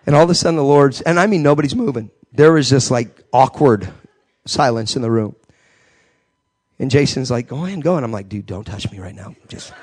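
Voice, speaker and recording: A man preaching a sermon, telling an animated story and acting out the voices in it. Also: mid-range voice, a little fast.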